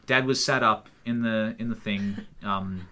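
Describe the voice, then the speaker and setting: Bright-voiced crude male podcast host. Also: lowish voice, fairly even intonation, measured pace. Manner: crude, storytelling, laughs often. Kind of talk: casual chat.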